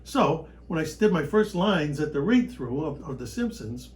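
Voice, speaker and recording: Animated male actor telling a story. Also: a little high, moderate pace, low-quality recording. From Chicago area, United States. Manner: animated storyteller, bursts of loud excitement. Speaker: actor, podcast guest. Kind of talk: casual storytelling chat.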